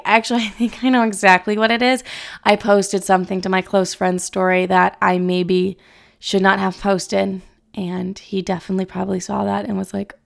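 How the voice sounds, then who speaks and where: A woman's voice: mid-range voice, flat delivery, moderate pace, gravelly. A young woman hosting a solo podcast, chatting casually in a brash, rambling, profane way. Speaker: podcast host.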